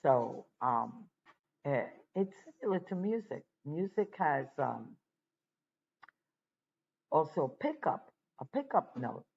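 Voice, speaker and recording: A teacher giving a slow, deliberate spoken lesson, pausing often between phrases. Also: mid-range voice, big pitch swings, vocal fry, lo-fi sound, a little hiss or hum.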